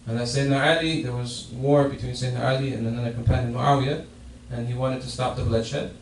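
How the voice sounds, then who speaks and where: In a mosque prayer hall, a man explains a hadith during a Friday sermon, frequently going back over and restarting his phrases. He talks fast in a mid-range voice with fairly even intonation. The recording is echoey, made from a distance, with faint noise.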